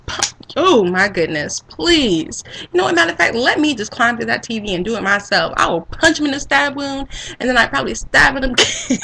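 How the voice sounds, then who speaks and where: A woman vlogger delivering a casual rant to camera, sassy and animated, breaking into laughter often. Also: high voice, a little fast, creaky, a little hiss or hum, rough recording.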